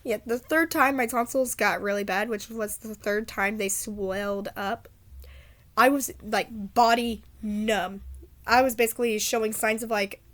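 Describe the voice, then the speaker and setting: Hoarse, congested woman rambling casually. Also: a little high, steady tone, a little slow, a bit bright. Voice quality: raspy. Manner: rambling, stumbles over words. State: congested, hoarse from a sore throat. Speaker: video creator. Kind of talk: casual vlog talk.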